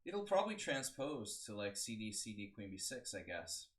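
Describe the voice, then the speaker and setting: Rambling low-voiced male chess coach. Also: very animated, moderate pace, a bit bright. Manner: casual, rambling, thinking aloud with many fillers. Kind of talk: live-stream game analysis.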